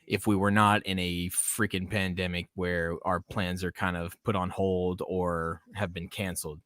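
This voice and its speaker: A man's voice: low voice, flat delivery, measured pace, fairly bright tone. A man from the American South hosting a casual live podcast stream, rambling, laughing often and reading chat comments aloud. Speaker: podcast host.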